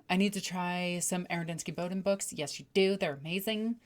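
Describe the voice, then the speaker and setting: Excitable woman chatting on a livestream. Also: fairly low pitch, normal speed, few pauses. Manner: excitable, animated storytelling with acted-out voices. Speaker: streamer. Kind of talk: casual livestream chat.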